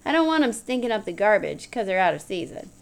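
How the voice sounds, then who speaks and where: A woman's voice: medium pitch, sing-song, fast talker, gravelly. A woman voicing a tall, tough, blunt woman with a wry, drawling, teasing manner in an audiobook.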